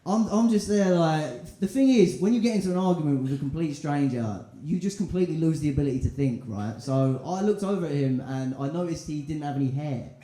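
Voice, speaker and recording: Performing stand-up before a live crowd, this young man sounds a little high and warm, animated and slightly fast with few pauses. His crude, chatty material comes out casually with plenty of fillers, recorded in an echoey club over bursts of laughter.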